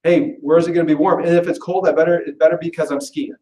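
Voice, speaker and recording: A man giving a chatty, self-deprecating business pitch to a live audience in a meeting room, often breaking into laughs. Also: level tone, fast talker, dark tone. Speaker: business presenter at an info session. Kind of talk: casual, joking sales pitch to a live audience. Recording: roomy echo, voice far from the mic.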